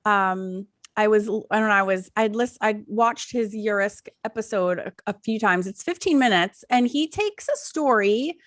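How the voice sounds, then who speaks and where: A middle-aged woman co-hosting a podcast in casual chat, rambling and animated with many restarts. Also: mid-range voice, moderate pace, few pauses, no echo. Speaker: podcast co-host.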